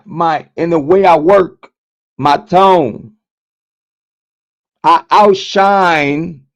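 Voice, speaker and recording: A man hosting a true crime livestream, ranting in a profane, confrontational way with many repeated words and restarts. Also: on the high side. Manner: repetitive, stammering restarts. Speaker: true crime channel host. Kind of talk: livestream rant. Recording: dull lo-fi sound.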